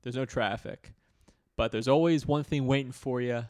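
A young man co-hosting a podcast in casual chat, easygoing and quick with jokes. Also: mid-range voice, a little mellow, dry recording, studio quality. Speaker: podcast co-host.

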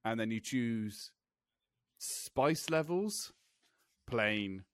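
A man hosting a podcast in casual chat, laughing often and talking quickly. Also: medium pitch, expressive, fairly bright tone. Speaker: podcast host.

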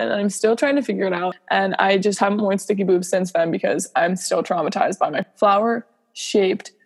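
Husky young woman telling a story. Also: medium pitch, fairly even intonation, a little fast, hardly any pauses. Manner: chatty, giggly, full of fillers and acted-out quotes. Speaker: podcast co-host. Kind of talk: casual storytelling chat.

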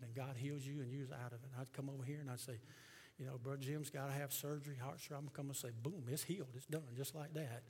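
A male pastor preaching a sermon to his congregation, swinging from hushed tones to loud, fervent passages. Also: medium pitch, steady tone, quick pace, slightly rough. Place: church sanctuary with congregation.

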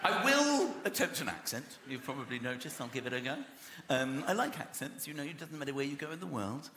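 A man performing a stand-up comedy routine, acting out voices and shouting punchlines. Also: fairly high pitch, big pitch swings, fairly quick. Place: live comedy venue with audience. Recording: roomy live venue with loud crowd noise. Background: audience laughter.

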